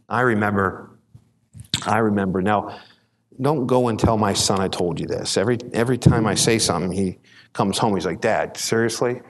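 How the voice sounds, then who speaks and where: A man's voice: fairly low pitch, in a large hall. A man preaching a conversational midweek sermon as pastor, telling folksy stories and often repeating words as he starts sentences.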